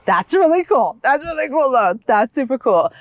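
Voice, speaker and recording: A woman co-hosting a car review vlog, chatting casually and excitedly, laughing easily, from inside a vehicle and beside it. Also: high voice, moderate pace, no room sound. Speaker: vlog co-host.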